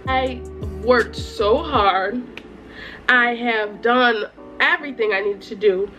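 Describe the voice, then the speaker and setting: A woman's voice: on the high side, slow pace, over music. A young woman from New York state talking straight to camera, emphatic and repetitive, crying happy tears. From Utica, New York. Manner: emphatic, repeats herself, tearful excitement. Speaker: YouTuber. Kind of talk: casual vlog chat. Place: at home in front of a mirror.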